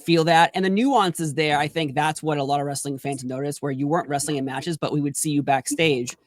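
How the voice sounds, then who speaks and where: A man's voice: on the high side, steady tone, a little fast, dry recording. A man hosting an interview, asking long, enthusiastic questions full of fillers and restarts. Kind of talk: casual sit-down interview.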